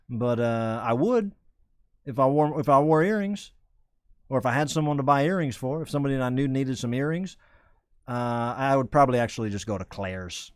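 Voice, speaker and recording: A man's voice: medium pitch, no room sound, clean studio sound. A man hosting a comedy web show, rambling and self-correcting while hyping merchandise like a salesman. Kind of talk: rambling comedic live-stream chat.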